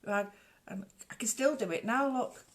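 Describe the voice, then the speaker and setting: A woman's voice: on the high side, moderate pace. A woman hosting a casual home livestream, rambling chattily and greeting viewers by name. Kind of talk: casual live chat.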